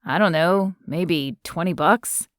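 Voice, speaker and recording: Woman lowering her voice for a shy young man. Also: slow pace, dry recording, studio quality. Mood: hesitant. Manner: hesitant, quiet, lowered voice. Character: shy young man, a writer, awkward and quiet.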